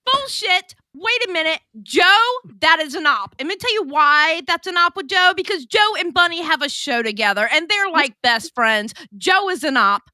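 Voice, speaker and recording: A high, bright woman's voice that swings wildly up and down as she argues. She talks brashly and swears freely, jumping in over the others on a streamed call. The sound is close and dry. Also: lively intonation, normal speed, hardly any pauses, no room sound. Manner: brash, profane, argumentative. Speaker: streamer panelist. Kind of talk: heated casual chat.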